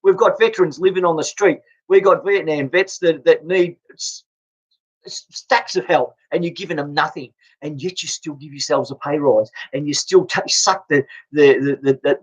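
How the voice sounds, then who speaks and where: An Australian man delivering an angry, blunt political rant, swearing and stumbling over repeated restarts. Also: fairly high pitch. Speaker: political vlogger. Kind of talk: angry ranting monologue. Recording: dull lo-fi recording.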